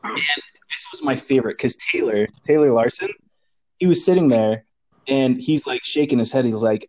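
A young man with a medium-pitched voice speaks at normal speed, telling friends a story over a slightly noisy phone call. He keeps it casual and animated, imitating what others said and laughing often.

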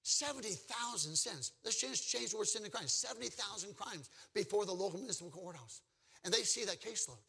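A man preaching a lively sermon, telling folksy stories and quizzing his congregation. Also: high voice, fairly quick, gravelly, husky. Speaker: pastor. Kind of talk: evangelistic sermon with audience call-and-response.

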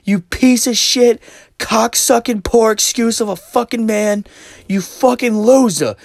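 A man's voice: high voice, measured pace, creaky, dry recording, voice pushed up, exaggerated voice. A man imitating his furious neighbor woman, who shrieks and hurls insults. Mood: enraged.

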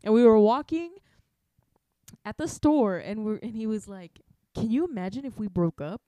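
A woman's voice: a little high, lively intonation, moderate pace, dark tone, no echo. A woman hosting a podcast, telling a story in casual chat, swearing freely and laughing often. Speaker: podcast host.

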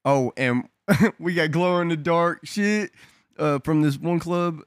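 A man's voice: fairly high pitch, takes it slowly, clean tone, no room sound. A young man in casual chat, telling a party story in a laid-back, slangy way and laughing between lines.

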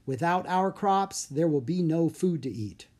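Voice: mid-range voice, a little slow. A reader voicing a shy but brave young village boy in a storybook audiobook. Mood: earnest. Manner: earnest, rising with excitement. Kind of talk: audiobook character reading.

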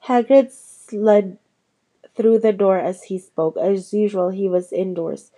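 A woman reads a novel aloud in a plain, unpolished way, with small slips now and then. Her voice is mellow and warm. The pitch sits in the middle. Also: fairly even intonation, takes it slowly, poor audio. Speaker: reader.

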